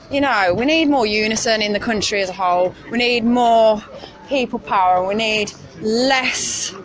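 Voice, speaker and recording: A woman with a Birmingham accent, a street campaigner talking passionately and arguing her point on a phone livestream outdoors. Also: sits high. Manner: passionate, argumentative. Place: busy city street outdoors. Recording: street crowd noise. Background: crowd.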